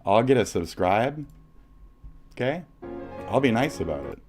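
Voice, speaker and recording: A man's voice: mid-range voice, sing-song, a little slow, a little mellow, faint music behind. A man from the United States, livestreaming, who rants profanely at someone, taunting and repeating his insults. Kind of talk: profane reaction rant.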